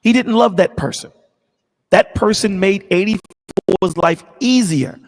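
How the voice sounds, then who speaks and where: A man's voice: high-pitched, unhurried, in a large hall, a little hiss or hum. A man in a casual discussion, talking emphatically and repeating his points like a preacher. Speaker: stream co-host.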